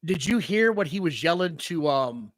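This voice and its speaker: This podcast co-host has a voice on the high side and a normal speaking speed, captured on a dry, rough recording. On his casual wrestling show he tells match stories with animated energy, speaking bluntly and cursing often.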